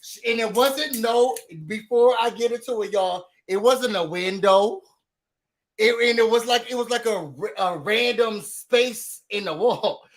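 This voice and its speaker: High-voiced guy gossiping thru a reality show recap, laughing a lot, talks to y'all. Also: measured pace. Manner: animated, laughing, chatty, addresses viewers as y'all. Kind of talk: casual gossip recap commentary.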